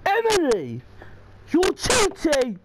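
Woman yelling and complaining at a game, high voice, drawn-out slow words, noisy recording w clicks. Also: huge pitch swings. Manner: exclaiming and complaining, tags questions onto sentences. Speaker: gamer. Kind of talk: horror game commentary.

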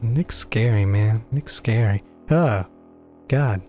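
A man's voice: medium pitch, slow pace, pauses often, mellow, faint music behind. A young man commentating a game as a let's play, joking and swearing in mock horror as he reads the game's text aloud. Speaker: gaming YouTuber.

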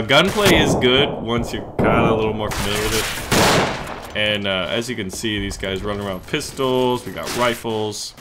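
A man giving excitable let's play commentary while playing a shooter game, often swearing and shouting at the action. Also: mid-range voice, very noisy. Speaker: gaming YouTuber. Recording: loud game gunfire behind voice. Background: game gunfire and explosions.

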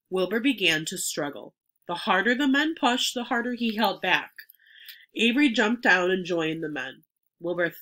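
Bright-voiced woman reading a storybook. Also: medium pitch. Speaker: reader. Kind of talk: storybook read-aloud.

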